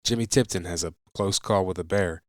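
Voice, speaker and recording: A man's voice: deep voice, fairly quick, no echo, studio quality. A man hosting a podcast, introducing clips in a plain, easygoing way. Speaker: podcast host.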